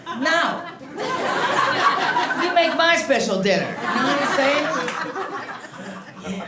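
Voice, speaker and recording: A woman's voice: high-pitched, animated, slow pace, pauses often, very noisy. A woman in her sixties doing a bawdy stand-up set, chatty and brash, teasing the audience. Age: 60s. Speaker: stand-up comedian. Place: comedy stage before a live audience. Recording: echoey room with loud crowd laughter.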